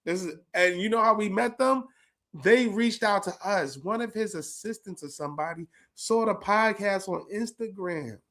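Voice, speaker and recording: A man hosting a podcast, telling stories in an animated, slangy, profane way. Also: high-pitched, normal speed. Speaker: podcast host. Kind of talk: casual reminiscing monologue.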